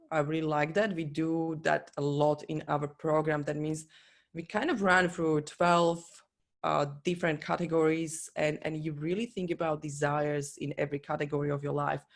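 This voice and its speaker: A coach giving an earnest, encouraging motivational talk in non-native English, speaking straight to the listener. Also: medium pitch. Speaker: business and life coach.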